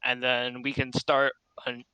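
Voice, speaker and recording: Bright, crisp-voiced man rambling. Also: medium pitch, monotone, no room sound, poor audio. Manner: rambling, halting restarts. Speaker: podcast guest. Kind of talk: casual chat.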